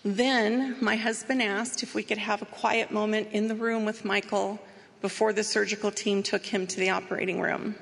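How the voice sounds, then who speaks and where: A woman giving an earnest, measured personal testimony as she tells her story. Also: mid-range voice, flat delivery, gravelly, a bit bright, in a large hall, a little hiss or hum. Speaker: speaker sharing a personal story.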